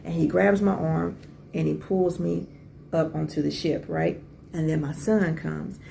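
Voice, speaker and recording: A woman in her forties hosts a podcast and tells a personal story in casual conversation. Her voice sits low and strongly gravelly, with a dark, mellow tone. She talks with lively asides and keeps asking the listener questions. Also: unhurried, a little hiss or hum. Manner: animated, conversational, with many asides and rhetorical questions. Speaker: podcast host.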